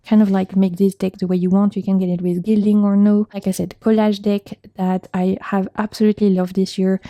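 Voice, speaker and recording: A woman's voice: mid-range voice, no echo. A young woman with a French accent, chatting casually as she reviews her favorite tarot decks in a vlog. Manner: chatty, warm thanks, frequent laughs. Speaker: tarot video creator.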